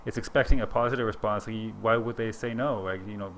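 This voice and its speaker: A man hosting an interview podcast, asking loose, quick questions with many fillers. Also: fairly low pitch, steady tone, a bit bright, a little hiss or hum. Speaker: podcast host. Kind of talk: casual interview talk.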